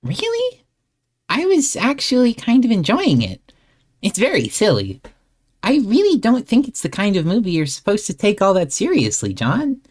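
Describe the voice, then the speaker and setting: A woman's voice: medium pitch, wildly swooping pitch, normal speed, a little mellow. A woman voicing a cheerful, teasing teen girl. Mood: reasoning. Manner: upbeat, teasing and incredulous. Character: cheerful, easygoing teenage girl. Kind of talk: fan voice-acted comic reading.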